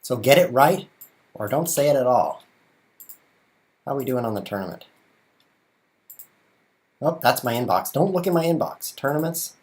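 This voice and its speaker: A man's voice: medium pitch, lively intonation, moderate pace, long pauses, darkish tone. A man hosting a casual livestream from his bedroom, jokey and playful, talking through what he does as he juggles. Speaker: chess streamer and show host. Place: bedroom at home.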